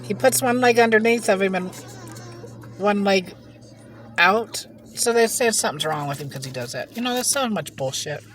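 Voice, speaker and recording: A woman eats on camera inside a car, telling loose, gossip-filled stories in relaxed conversation. Her medium-pitched voice is expressive and moderately paced, and she laughs often as she goes.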